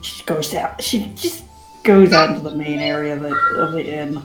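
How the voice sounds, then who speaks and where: A woman's voice: deep voice, moderate pace, music in the background. A woman playing in a tabletop game, describing her character's actions in a playful, joking way. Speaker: player. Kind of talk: casual tabletop play. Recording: roomy echo.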